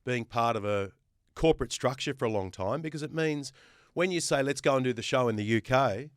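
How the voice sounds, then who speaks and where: A man's voice: medium pitch, a little fast, no room sound, clean studio sound. An Australian man guest hosting a podcast chat, making emphatic points and building them up with lists. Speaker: guest host.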